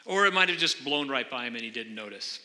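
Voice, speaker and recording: A man's voice: mid-range voice, lively intonation, quick pace, sharp tone. A man preaching a sermon as pastor, earnestly explaining scripture and questioning his congregation in a church sanctuary. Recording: long hall reverb.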